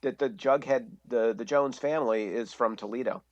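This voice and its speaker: A man hosting a casual podcast quiz, playful and reading out answer options slowly and deliberately. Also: medium pitch, no echo, muffled recording. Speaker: quiz host.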